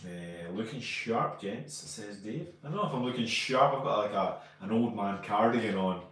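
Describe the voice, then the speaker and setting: A man's voice: lowish voice, expressive, normal speed, a bit bright, far from the mic. Chatty Scottish man in an echoey room. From Scotland. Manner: chatty, reads out viewer names and greets them. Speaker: co-host of a live stream. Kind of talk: casual live-stream chat reading comments.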